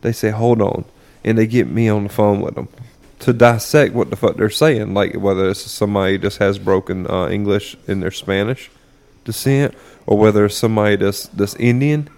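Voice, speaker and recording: Man, low voice, blunt and salty, loose podcast co-host. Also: steady tone, moderate pace, darkish tone. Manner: blunt, profane storytelling with drawled asides. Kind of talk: casual chat among friends.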